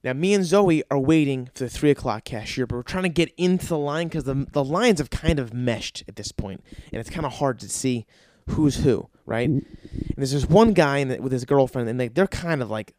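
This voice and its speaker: A man's voice: medium pitch, moderate pace, darkish tone. A male stand-up comedian spinning a story with heavy profanity. He breaks into worked-up, exasperated rants. The sound is dry and close, with no room echo. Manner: profane, ranting, exasperated outbursts.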